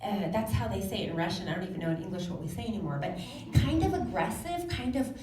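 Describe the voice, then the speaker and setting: Woman in her 40s giving a talk, animated storyteller, roomy echo, a bit far from the mic, faint room hum. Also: mid-range voice, fast, a crowd in the background. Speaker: speaker. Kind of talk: personal talk to an audience. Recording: echoey room, mic from a distance.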